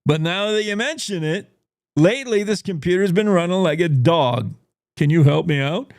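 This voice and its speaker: A man's voice: high-pitched, animated, moderate pace, dry recording, clean studio sound. A man voicing a gullible computer owner who grumbles in exasperation and is easily talked into things. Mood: exasperated. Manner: exasperated, easily persuaded rambling.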